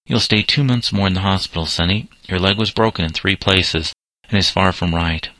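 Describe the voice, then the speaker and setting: A man reading a kindly, earnest middle-aged doctor in an audiobook, in a gentle, fatherly way. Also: low-pitched, moderate pace, no room sound, poor audio.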